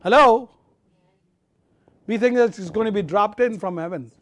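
Here a male preacher with a high-pitched voice speaks with fervor, alternating forceful volume with soft, low passages. He lingers slowly on key words and repeats himself, and the recording carries no room sound.

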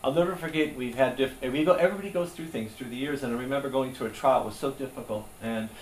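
A man's voice: mid-range voice, fast, slight background noise. Guy preaching, earnest and chatty, sounds far off in an echoey room. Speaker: pastor. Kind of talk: sermon.

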